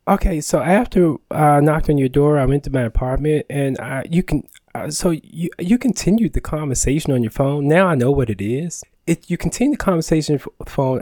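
A man on a podcast, telling a story in a casual, animated way, acting out the dialogue and laughing often. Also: fairly high pitch, a little fast, hardly any pauses, no echo.

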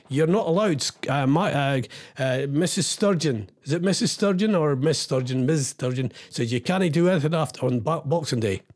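A man's voice: on the high side, a little mellow, husky. Scottish dj guy running a quiz with his listeners, playful and teasing, voice swings up and down a lot. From Scotland. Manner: playful and teasing, reads out comments. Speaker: radio DJ. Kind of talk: casual live-stream quiz chat.

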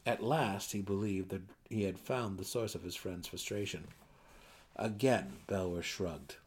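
A man narrating a dramatic reading of a fantasy novel, telling the story in a measured way and voicing each character. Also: deep voice, slightly rough.

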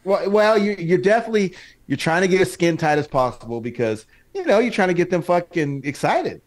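A man's voice: sits high, expressive, a little fast. A man co-hosting a podcast, telling raunchy stories in loose, profane, boisterous chat. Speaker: podcast co-host. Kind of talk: crude casual chat.

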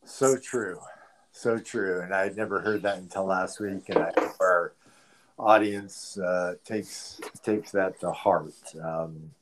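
A man with a very low voice speaks slowly and with care. He sounds earnest as he closes out a conversation on a podcast. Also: fairly even intonation, a little hiss or hum. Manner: earnest, slow and deliberate. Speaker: podcast co-host. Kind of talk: casual conversation.

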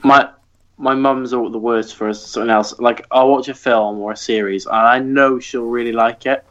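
A man's voice: mid-range voice, moderate pace, lo-fi sound. A man co-hosting a casual podcast chat, telling stories by acting out back-and-forth exchanges. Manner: animated storytelling with quoted exchanges. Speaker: podcast co-host.

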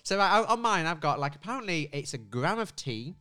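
Fast-talking British man hosting a podcast. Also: a little high, sing-song, sharp tone, soft background music. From United Kingdom. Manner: chatty, swearing, quick and giggly. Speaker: podcast co-host. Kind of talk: casual podcast banter. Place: home.

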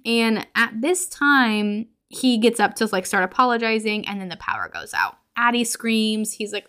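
A woman's voice: on the high side, big pitch swings, normal speed, hardly any pauses, fairly bright tone, smooth. Woman, podcast host, casual movie recap, chatty, lots of fillers.

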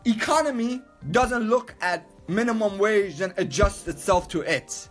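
A man ranting loudly and emphatically, swearing a lot and repeating himself. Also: high voice, expressive, a little slow, faint music behind. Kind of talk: profane rant to camera.

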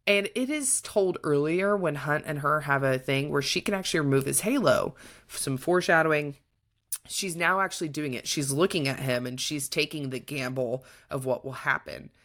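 A young woman with a notably low voice chats through a book's plot on a podcast. She retells it with animation and drops into quick voices for the characters. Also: a bit bright. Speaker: podcast co-host. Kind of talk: casual book-review chat.

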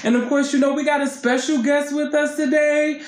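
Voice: sits high, little pitch movement, moderate pace, slight background noise. A podcast co-host bantering playfully and swearing casually while introducing a guest. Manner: playful, profane, laughing banter. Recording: roomy echo.

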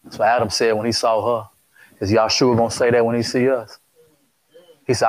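A man delivering a sermon at a middle pitch, casual and conversational. He keeps firing questions at his listeners and repeats lines for emphasis. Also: flat delivery, a little fast, pauses often, low-quality recording. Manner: calls out questions and repeats phrases. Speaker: preacher.

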